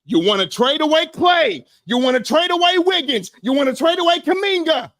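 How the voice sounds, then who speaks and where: A young man co-hosting a sports podcast, loud and insistent, arguing in a heated debate. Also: very high-pitched, animated, normal speed, no room sound, studio quality. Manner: loud, insistent, says he always talks this way. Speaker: podcast co-host.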